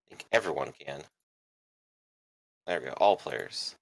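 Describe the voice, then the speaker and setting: A man's voice: rumbling low, expressive, a little slow, vocal fry, no room sound. A man running a tabletop game as game master, describing the scene with frequent "uh" fillers.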